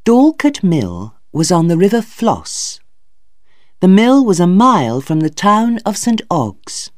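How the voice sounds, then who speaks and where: A storybook narrator reads slowly and deliberately for English learners. The pitch stays lively and expressive, and the dry, close recording keeps every word clear. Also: dry recording. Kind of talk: slow graded-reader narration for English learners.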